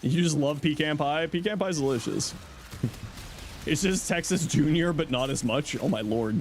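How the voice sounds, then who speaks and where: A middle-aged man streaming from home, chatting loosely with his viewers and teasing them with easy laughs. His voice sits a bit higher than most men's. A faint hiss of room noise sits under it. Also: moderate pace. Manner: playful, teasing, laughs often. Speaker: livestreamer. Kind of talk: casual livestream chat, answering chat.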